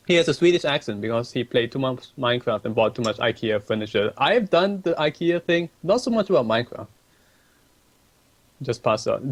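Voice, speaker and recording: A polite, laid-back man talks his way through a livestream chat at a middling pitch. He answers questions casually, often hesitating with ums and restarting his sentences. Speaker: livestream guest reading chat.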